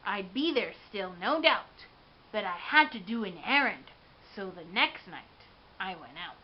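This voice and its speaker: A woman giving an expressive, dramatic read-aloud of a children's storybook. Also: medium pitch, measured pace. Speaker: storybook reader. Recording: dull lo-fi with faint hiss.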